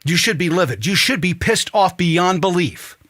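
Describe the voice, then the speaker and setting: A man hosting a talk show, delivering an angry, profane political monologue that rises to shouting. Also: high-pitched, expressive, normal speed. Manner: ranting, swearing, rising to shouts.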